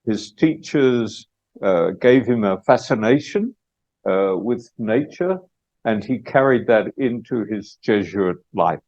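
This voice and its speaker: An Australian man giving a public lecture as guest speaker, unhurried and with many hesitations. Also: fairly low pitch, expressive, darkish tone, highs cut off.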